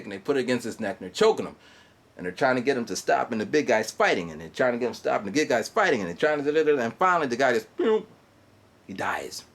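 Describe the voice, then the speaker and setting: A man in his forties rambling through a story on his video blog. His pitch leaps up and down as he talks. He stops and restarts often, fills the gaps with ums, and adds mouth sound effects. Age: 40s. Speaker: vlogger. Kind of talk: rambling monologue. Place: guest house in Japan.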